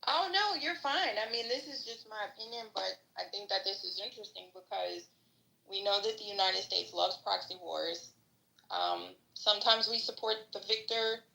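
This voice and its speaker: Gravelly, bright-voiced opinionated woman. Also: medium pitch, moderate pace, reverberant, low-quality recording. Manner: opinionated, salty, rambling. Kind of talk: casual political discussion.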